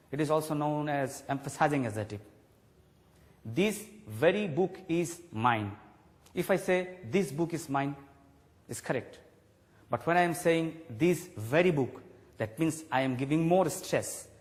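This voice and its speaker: A man teaching a grammar lesson on television, slowly stressing key words for his students. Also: on the high side, long reverb tail. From Bangladesh.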